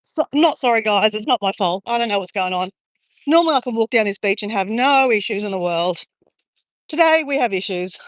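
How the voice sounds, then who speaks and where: Walking along a beach, a woman chats on her live stream in a casual way, rambling and calling out viewers by name. Her medium-pitched voice has lively intonation and a fairly quick pace, and there is no room sound.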